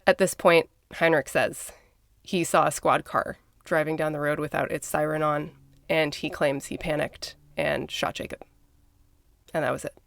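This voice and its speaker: A woman's voice: deep voice, steady tone, normal speed, gravelly, dry recording, clean studio sound. A woman from Minnesota co-hosting a podcast, telling a true-crime story casually with blunt, conversational asides. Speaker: podcast co-host.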